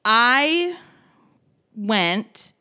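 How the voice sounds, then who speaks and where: A woman's voice: fairly high pitch, very animated, extremely slow, sharp tone, smooth. A woman co-hosting a casual podcast, recapping a movie with laughter and swearing, acting out the characters' lines. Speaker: podcast co-host.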